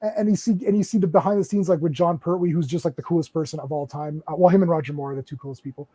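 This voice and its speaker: This is a man in his forties, a podcast host, talking through films in a loose, casual way. His voice sits high but sounds warm and mellow. He stumbles through stacks of repeated words before he gets his point out. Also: racing. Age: 40s. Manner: rambling, repeats words while searching for them. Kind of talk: casual film discussion.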